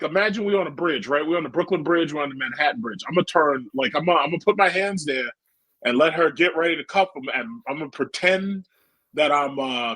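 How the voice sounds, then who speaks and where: A man's voice: on the high side, pushed and bright. A man hosting a stream, giving blunt, joking and profane reaction commentary in a casual way. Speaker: stream host.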